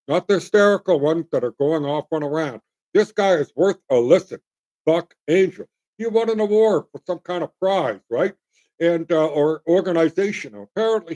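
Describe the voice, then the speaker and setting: A man's voice: a little high, mellow. A middle-aged man hosting a livestream, talking in a rambling, opinionated way and calling his listeners folks. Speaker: livestream host. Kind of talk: casual livestream monologue.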